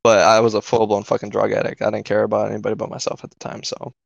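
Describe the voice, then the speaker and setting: Brief: man co-hosting a podcast, rambling and profane, with a gravelly voice in a muffled lo-fi recording. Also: fairly low pitch, monotone, fast, no room sound. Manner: profane, filler-heavy, keeps asking "right?". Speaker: podcast co-host. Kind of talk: casual storytelling. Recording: dull lo-fi dry recording.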